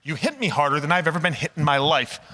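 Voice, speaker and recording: A man cuts a cocky wrestling promo, his tense, high voice boastful throughout. A long hall reverb trails his words. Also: animated, fast, sharp tone.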